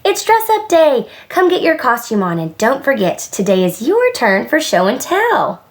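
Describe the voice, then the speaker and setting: A woman's voice: high-pitched, huge pitch swings, normal speed, voice pushed up. A woman voicing a cheerful mother calling her son in a storybook. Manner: bright, calling out.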